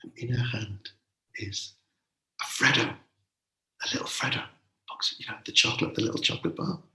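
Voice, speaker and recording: Gravelly, playful male storyteller. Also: mid-range voice, moderate pace, roomy sound, poor audio. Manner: playful and animated, with asides.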